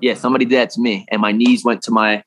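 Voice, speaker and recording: A man's voice: medium pitch, flat delivery, racing, fairly bright tone. A young man telling a personal story in a casual interview, rambling and cursing freely, laughing now and then. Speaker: guest.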